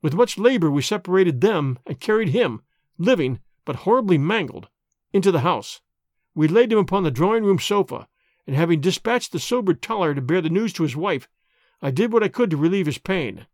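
A man narrating an audiobook in a measured, expressive storytelling manner. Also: sits high, no room sound, studio quality.

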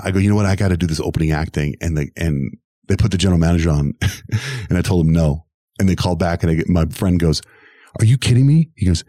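Speaking very low and fast, a middle-aged man who hosts radio shares his story during an interview and animatedly imitates everyone he quotes. The audio is close and dry.

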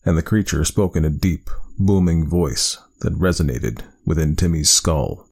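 A man narrating a spooky storybook tale with a measured, expressive reading. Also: extremely low pitch, husky.

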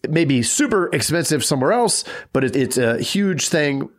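A man co-hosting a casual podcast, talking shop and acting out quick sales pitches. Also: big pitch swings. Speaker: podcast co-host. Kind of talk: casual chat.

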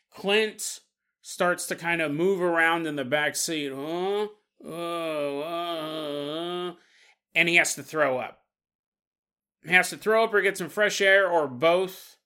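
A man hosting a podcast, retelling a story in a casual, animated way and acting out the people he quotes. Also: fairly high pitch. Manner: animated, acts out quotes with playful voices. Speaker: podcast host.

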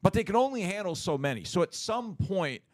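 A middle-aged man co-hosting a sports talk show, making his case in a lively, casual way, often acting out what others would say. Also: high voice, a little fast, no echo. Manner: animated, acts out quoted voices, repeats words.

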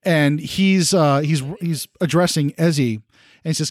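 Game master guy, relaxed chatty narration, kinda high voice, dry room. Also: measured pace, dry recording. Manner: casual, easygoing narration with fillers.

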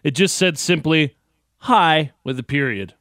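Side voice: man, fairly high, smooth and slow, offhand chatter. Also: expressive, a bit bright, no room sound, studio quality. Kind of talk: casual radio banter.

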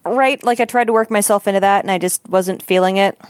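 A woman's voice: mid-range voice, fairly even intonation, fairly quick, smooth, dry recording. A woman co-hosting a podcast, recounting a story in a chatty, wry way. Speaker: podcast co-host. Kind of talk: casual chat, storytelling.

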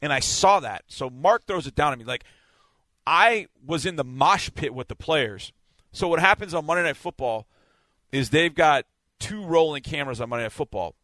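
A man, a sideline reporter, telling a game story in a casual, animated way on a sports podcast. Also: a little high, moderate pace, no room sound. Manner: animated, vivid play-by-play retelling.

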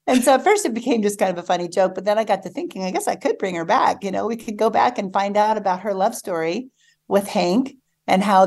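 Upbeat woman novelist chatting on radio. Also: medium pitch. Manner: warm, enthusiastic, laughs often. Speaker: guest novelist. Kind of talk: casual radio interview chat.

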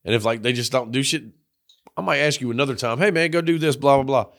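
A young adult man co-hosting a podcast, telling crude work stories in a profane, animated way and acting out the quotes. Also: mid-range voice, fast talker. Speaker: podcast co-host. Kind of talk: casual crude banter.

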